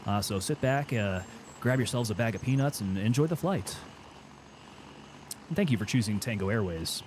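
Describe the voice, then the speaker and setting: A calm airline captain speaks over the cabin intercom, as a gamer puts him on. The voice drops low into a smooth, reassuring broadcaster delivery, with a little faint hiss behind it. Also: male voice, moderate pace, close to an everyday voice. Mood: soothing.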